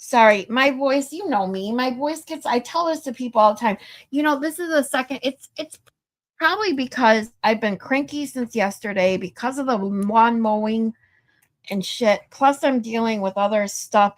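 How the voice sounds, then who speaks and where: Chatty woman streamer, a bit high. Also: moderate pace. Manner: gets loud when irritated, swears freely. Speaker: livestream host. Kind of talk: casual livestream chat.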